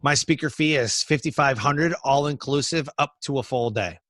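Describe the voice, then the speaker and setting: A man who coaches public speakers, talking in a casual interview in an energetic, storytelling way. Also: mid-range voice, moderate pace, no room sound. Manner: energetic, storytelling, acts out quoted dialogue.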